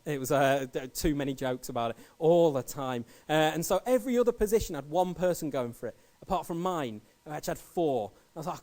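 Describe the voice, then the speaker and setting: Quick-paced male preacher, fairly high voice, storytelling sermon style. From England. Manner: storytelling, animated anecdotes.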